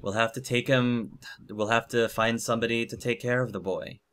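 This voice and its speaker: A man voicing a calm, protective male elven warrior who speaks plainly. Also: mid-range voice, moderate pace, clean tone, lightly acted.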